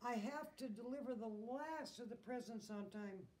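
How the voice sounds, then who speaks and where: A woman's voice: a little high, normal speed, a little hiss or hum, voice pushed up, close to an everyday voice. A woman voicing a flustered old Santa Claus who is in a hurry, reading from a storybook. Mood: determined. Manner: loud, flustered, exclaiming.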